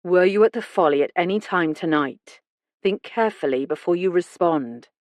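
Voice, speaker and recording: A calm male detective who presses his questions in a steady, even voice and never rushes his tone, as a woman narrator reads him. The sound is dry and close to the mic. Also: on the low side, no echo, lightly acted. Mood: firm. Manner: measured, steady and insistent.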